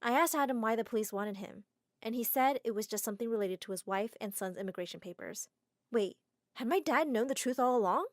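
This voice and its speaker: Expressive woman narrating an animated drama. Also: a little high, a little fast, no room sound, clean studio sound. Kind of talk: first-person animated story narration.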